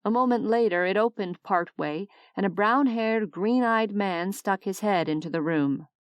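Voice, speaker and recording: A woman reading a novel aloud as an audiobook narrator, steady and expressive. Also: medium pitch, moderate pace, clear, resonant tone, no echo. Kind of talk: scripted narration.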